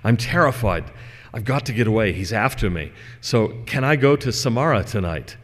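A man's voice: on the low side, lively intonation, moderate pace. Terrified servant told by a man. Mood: frightened. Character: terrified male servant fleeing. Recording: long hall reverb.

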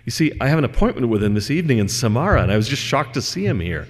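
A man voicing Death, a polite male spirit who protests mildly and explains himself calmly, in a story told during a lecture. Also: mid-range voice, rapid-fire, crowd noise, lightly acted. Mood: surprised, apologetic. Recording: long hall reverb.

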